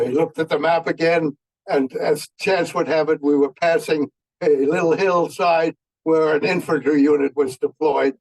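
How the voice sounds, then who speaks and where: Man, 90s, veteran storyteller, folksy, halting with fillers, slightly high voice, dry sound. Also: a little mellow, dry recording, poor audio. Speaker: veteran speaker. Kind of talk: anecdotal war storytelling.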